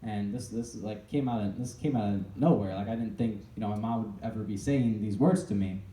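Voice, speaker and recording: A young man tells his own story to a live audience, halting often and starting his sentences over. His voice is low and very dark. It sounds distant, as if recorded from across a reverberant room. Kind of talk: personal testimony to a live audience. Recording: echoey room, voice picked up from a distance.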